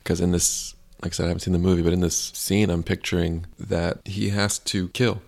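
A man co-hosting a podcast, talking slowly and thoughtfully in casual reflective chat, searching for words. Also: low-pitched, flat delivery, vocal fry, a little mellow. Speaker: podcast co-host.

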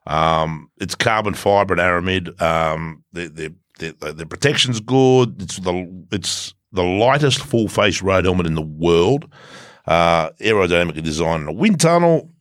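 A man's voice: deep voice, lively intonation, unhurried, a bit bright, no room sound, clean studio sound. A man co-hosting a podcast, talking laid-back and rambling, with plenty of fillers. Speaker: podcast co-host. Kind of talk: casual banter, reading a sponsor giveaway.

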